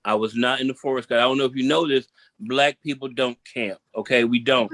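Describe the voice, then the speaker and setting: A man from Memphis, performing a seated stand-up comedy set in an animated storytelling style and repeating punchlines for emphasis. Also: mid-range voice, a little fast, no room sound. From Memphis, Tennessee.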